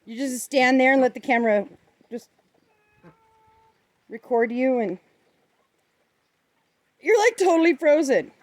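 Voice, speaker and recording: A woman's voice: high voice, lively intonation, measured pace, pauses often. A woman filming her poultry outdoors, chatting in a sing-song way and cooing at her birds. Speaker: backyard poultry keeper filming her flock. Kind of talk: casual vlog, talking to her animals. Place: outdoor farmyard with pens in the rain.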